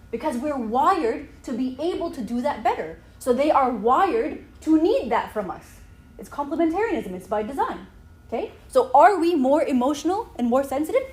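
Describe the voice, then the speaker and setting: A woman in her thirties giving an animated talk with slides at a church gathering, often tagging her sentences with "okay?". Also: sits high. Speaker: speaker at a church youth talk. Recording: echoey hall, faint ambience.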